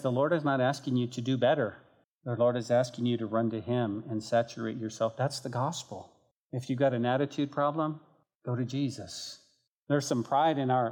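Animated man preaching a sermon. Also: medium pitch, moderate pace. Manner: animated, acts out quoted prayers, drops to a near whisper. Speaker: pastor.

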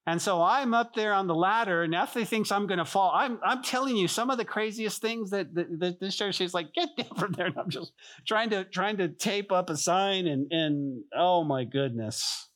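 A man preaches a sermon from a church pulpit. His voice sits a little high for a man. He tells stories with lots of energy, acts out other people's voices, and circles back over his own phrases. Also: normal speed. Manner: animated storytelling, acts out voices, repeats phrases. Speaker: pastor. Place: church sanctuary.

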